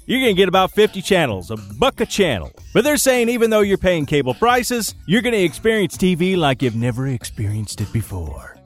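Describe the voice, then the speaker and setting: Playful, animated male tech-news host. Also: sits high. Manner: jokey, teasing, swings between mock voices and plain reading.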